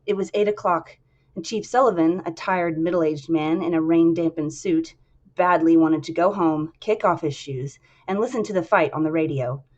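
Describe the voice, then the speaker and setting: A woman streamer reading a novel aloud, talking softly and quietly with casual fillers. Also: low voice, moderate pace, highs cut off.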